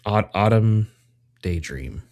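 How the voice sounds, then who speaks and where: A man's voice: lowish voice, expressive, takes it slowly, a little mellow. A man hosting a podcast from a room at home on his own microphone. He talks in a rambling, jokey way and keeps correcting himself mid-sentence. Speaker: podcast host. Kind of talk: casual chat. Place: home room, separate from co-host.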